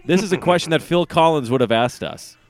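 A man's voice: on the high side, lively intonation, fairly quick, faint music behind. Joking, laughing man podcast host. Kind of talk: casual chat.

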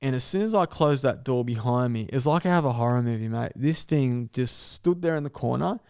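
Gravelly man telling a wild story. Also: mid-range voice, brisk. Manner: animated, swearing, laughing through a story. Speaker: guest storyteller. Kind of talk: casual podcast storytelling.

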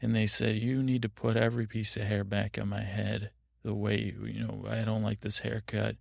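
A man's voice: fairly low pitch, little pitch movement, normal speed, creaky, dry recording, clean studio sound. A man hosting a sleep podcast, telling a meandering, absurd bedtime story that keeps trailing off and restarting. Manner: meandering, absurd, self-interrupting. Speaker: podcast host.

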